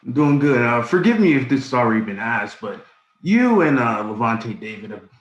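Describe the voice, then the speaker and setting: A man's voice: medium pitch, very animated, moderate pace, reverberant, dull audio. A male sports reporter asking a long, rambling question at a press conference.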